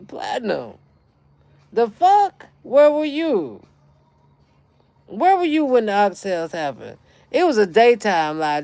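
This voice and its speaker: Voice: medium pitch, a little mellow, dry recording. A middle-aged speaker, ranting in casual livestream chat and telling a heated story full of swearing. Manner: profane, heated storytelling rant. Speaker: channel host.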